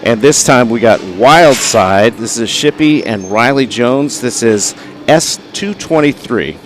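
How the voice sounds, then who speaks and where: A man's voice: mid-range voice, animated, a little slow, soft background music. A man with a Southern US accent giving folksy, rambling live commentary at an outdoor bucking bull event. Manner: folksy, rambling, lots of fillers. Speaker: livestream commentator.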